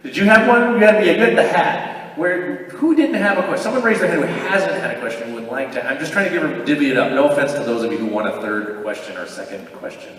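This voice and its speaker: A man's voice: on the high side, expressive, quick pace, fairly bright tone. A man talking casually and rambling at a convention Q&A panel, often laughing, recorded by an audience camera far from the stage in an echoey hall. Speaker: voice actor convention guest.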